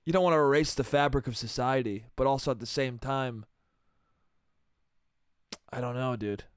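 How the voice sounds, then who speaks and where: A man's voice: mid-range voice, moderate pace, smooth, no echo. A man hosting a solo comedy podcast, rambling casually and swearing, with "dude" and "bro" at the end of his sentences. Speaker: podcast host.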